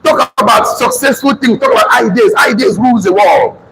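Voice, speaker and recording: A man in his thirties with a Nigerian accent, giving an emphatic motivational seminar talk, often shouting and repeating lines for his audience. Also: very high-pitched, brisk. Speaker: motivational speaker. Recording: noisy room recording.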